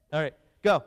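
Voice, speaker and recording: A man, a youth pastor, hosting a game night for kids in a playful, teasing, bossy way. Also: fairly bright tone. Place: church hall. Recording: long hall reverb.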